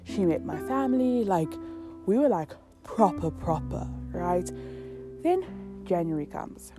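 A woman's voice: fairly low pitch, measured pace. A young woman telling a casual storytime to her viewers, swearing a lot and acting out the quotes. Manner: heavy swearing, animated storytelling with acted quotes. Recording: music playing behind.

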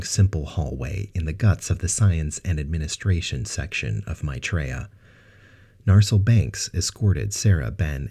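A man narrating a science fiction audiobook in a steady, even reading. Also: extremely low pitch, slightly rough. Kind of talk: scripted narration.

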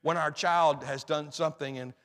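High-voiced preacher in a reverberant hall. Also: male voice, steady tone. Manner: impassioned preaching that swings from loud emphatic peaks to low, soft stretches; reads scripture in slow, drawn-out phrasing. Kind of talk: sermon.

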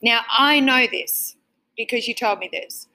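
A woman's voice: a little high, measured pace, pushed and bright, rough recording. A woman with an Australian accent, chatting casually and teasing her co-host, laughing often. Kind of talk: casual chat.

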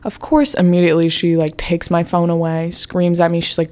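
A young woman in her twenties hosting a podcast, telling a story in a loose, chatty way full of fillers and casual swearing. Her voice sits somewhat low for a woman. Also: normal speed, warm tone. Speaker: podcast host.

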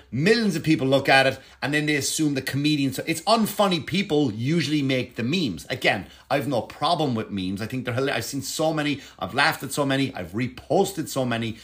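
A man in the middle of a loose, rambling monologue to camera, swearing freely and circling back on himself. He talks like a stand-up comedian telling his side of a story, with plenty of restarts and asides. His voice sits at an ordinary middle pitch. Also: fairly bright tone. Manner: profane, digressive, frequent restarts.

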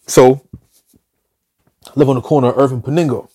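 A man telling a street story in a slangy, profane, animated way, often restarting his sentences. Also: medium pitch, brisk, slightly rough, no echo, clean studio sound.

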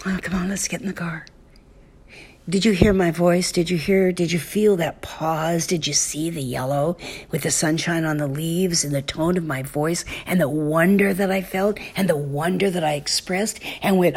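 Middle-aged woman, parenting advice talk, husky voice, slow gentle delivery with whispered asides. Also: lowish voice. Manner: soft, slow, often dropping to a whisper. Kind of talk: gentle spoken advice monologue.

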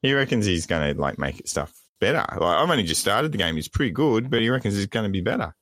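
A man's voice: on the low side, very animated, quick pace, a bit bright, no echo. A man voicing a crude, joking Aussie bloke calling in from Tasmania, with a put-on Australian accent that slips, in a comic podcast bit.

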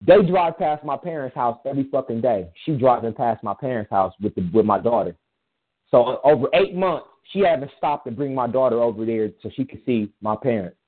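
A man's voice: medium pitch, lively intonation, brisk, husky. A man in casual chat, telling a personal story in a rambling, emphatic way with frequent restarts. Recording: tinny phone-line sound.

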